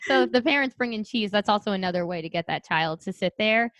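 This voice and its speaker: A woman speech therapist chats on a podcast in an animated, filler-heavy way, full of "like" and quick asides. Her voice sits in a middle register. The sound is very dry and close, with no room around it. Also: mid-range voice, dry recording. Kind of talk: casual chat.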